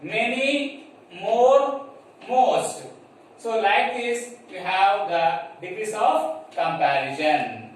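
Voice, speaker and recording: A man with an Indian English accent teaching a grammar lesson to children, slowly spelling out words and checking whether they understand. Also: sits high, lively intonation. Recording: echoey room from far off, faint noise.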